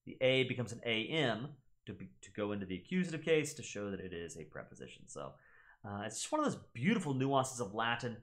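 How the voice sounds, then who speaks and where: Young american guy breaking stuff down for viewers, lively voice going up and down, keeps asking "right?". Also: on the low side, fairly quick. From United States. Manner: teacherly, checks in with "right?". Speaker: gaming channel host. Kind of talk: casual reaction and explainer.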